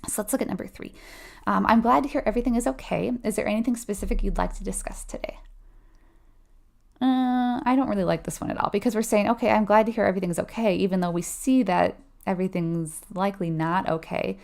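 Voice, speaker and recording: Woman, nursing exam tutor, slightly gravelly voice, chatty, conversational. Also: medium pitch, darkish tone. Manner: casual and conversational, frequent "um" and "right?"; acts out short quoted replies with a laugh. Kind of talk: explaining exam questions.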